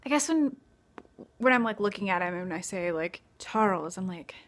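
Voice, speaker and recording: A woman's voice: medium pitch, expressive, fairly quick. Young woman, casual vlogger; chatty, filler-heavy, shot on a phone camera. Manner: chatty, lots of fillers, baby-talks to her dog. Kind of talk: casual vlog.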